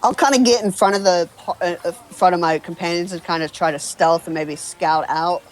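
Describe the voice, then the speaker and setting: A man's voice: sits high, steady tone, fairly quick. A man playing a tabletop game, speaking hesitantly with many fillers. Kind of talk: casual play at a tabletop game.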